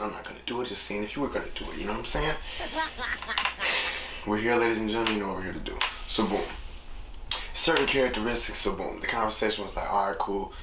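A man's voice: lowish voice, roomy sound, noisy background. A young man hosting a casual solo podcast, talking in a loose, rambling, reflective way and leaning on repeated catchphrases. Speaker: podcast host.

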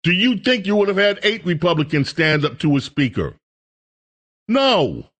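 A middle-aged man hosts a political radio show in a heated, sarcastic monologue. His voice sits fairly high and swings widely in pitch as he drives his points home. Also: expressive, fairly quick, a bit bright. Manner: heated, sarcastic, mocks others in put-on voices. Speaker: radio talk show host.

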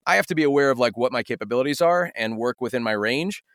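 A man's voice: mid-range voice, fast, clean tone, dry recording, studio quality. A man in his forties, a voice actor telling stories animatedly in a casual interview. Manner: animated storytelling, slips into impressions. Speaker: voice actor, guest.

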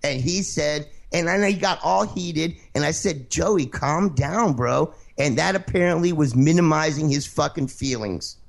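A show host with a rather high, creaky voice clashes with a caller, speaking at normal speed with few pauses. Defensive and swearing, he interrupts and keeps asking to finish what he's saying in this heated radio exchange.

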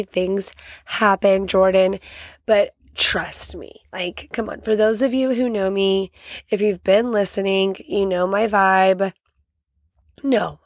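A woman host talking loosely and bluntly on her podcast, swearing freely as she vents. Her voice sits in a middle register. She tells stories by acting out the people in them. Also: mid-range voice. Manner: blunt, profane and candid; storytelling with acted quotes. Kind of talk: casual podcast rant.

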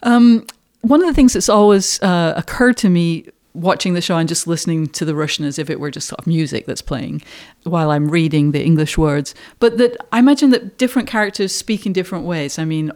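A woman's voice: deep voice, a little mellow. Woman host asking rambling questions. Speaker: podcast host. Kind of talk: podcast interview.

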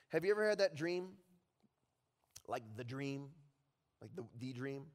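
A male pastor preaching a sermon, telling stories and dropping at times to a hushed voice. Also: medium pitch, lively intonation, measured pace, long pauses. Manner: storytelling with sudden drops to a hushed voice. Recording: long reverb in a large hall.

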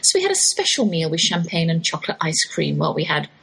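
Middle-aged English woman, cheerful talk-radio host, slightly breathy. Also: low voice, very animated, fast, fairly bright tone, rough recording. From West Germany. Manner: cheerful, chatty, faith-inflected. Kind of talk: chatty scripted radio monologue.

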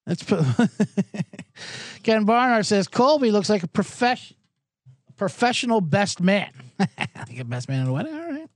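A man hosts a betting livestream in loose, profane chatter, wandering off into asides and reading viewer comments aloud. His voice sits a little high and swings widely in pitch. The sound is dry and close, with no room echo. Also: very animated, measured pace, long pauses. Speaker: sports betting show host.

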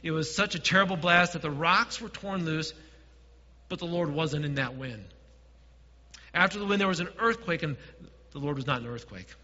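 A man preaching a sermon as pastor, dropping to quiet asides and swelling to emphatic points. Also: on the high side, big-room sound, highs cut off.

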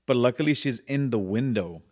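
A man in casual podcast chat tells stories with a lively, swooping pitch. He acts out the voices of the people in his stories and laughs often as he goes. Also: moderate pace. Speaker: podcast co-host.

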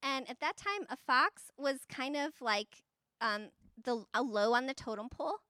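A woman with a high voice teaches a Bible passage in a relaxed, conversational way. She talks chattily, with fillers and tag questions, and laughs lightly as she explains. Her voice sounds close and dry. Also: unhurried, clear, resonant tone, no echo. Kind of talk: casual Bible lesson.

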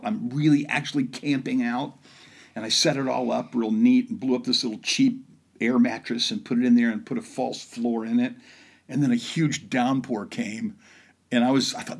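Midwest guy in his middle years telling stories, raspy and a bit gravelly, does the voices of everyone in them. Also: medium pitch. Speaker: storyteller. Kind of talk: personal storytelling.

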